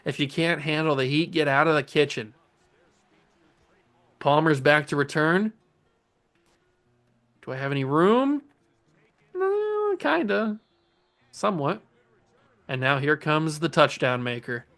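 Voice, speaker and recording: A young man casually commentating his own video game play as a channel host, excitable and jokey, talking to the players on screen. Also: fairly high pitch, measured pace, pauses often. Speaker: gaming YouTuber host.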